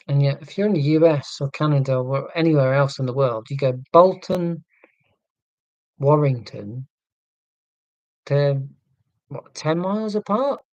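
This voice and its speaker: A man's voice: on the high side, darkish tone, dry recording, dull audio. A man from southern England hosting a casual live stream, reading chat and musing in a tangential, self-deprecating way. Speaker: livestream host reading chat.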